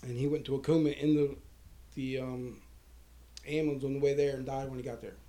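A man casually telling a story, animated and swearing a lot, acting out what others said. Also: medium pitch, fairly quick, a little hiss or hum. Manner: animated, heavy swearing, acts out quoted people. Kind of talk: casual spoken anecdote.

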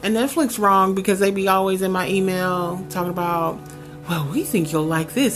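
A woman hosting a podcast, reviewing a show in a sassy, sarcastic, chatty way with lively asides. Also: lowish voice, moderate pace, soft background music. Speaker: podcast host.

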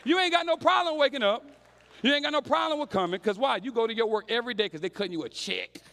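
High-voiced young preacher, storytelling. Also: male voice, fast talker, vocal fry, bright, forceful tone, big-room sound. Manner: conversational, storytelling, slangy. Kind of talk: sermon.

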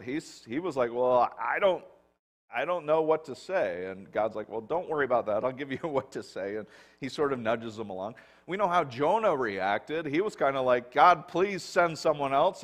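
A man preaching a conversational sermon as a pastor, casually acting out biblical dialogue and peppering it with "like". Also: medium pitch.

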